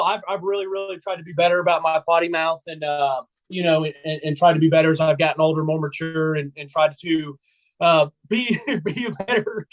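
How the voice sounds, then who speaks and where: A young man co-hosting a casual sports podcast, excitedly retelling a game day and acting out his own trash talk. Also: sits high. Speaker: podcast co-host.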